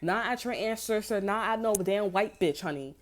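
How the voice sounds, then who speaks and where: A woman's voice: mid-range voice, moderate pace. A woman tarot reader ranting to camera in a casual, heated and profane way, rambling from one point to the next. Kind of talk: casual unscripted rant to camera.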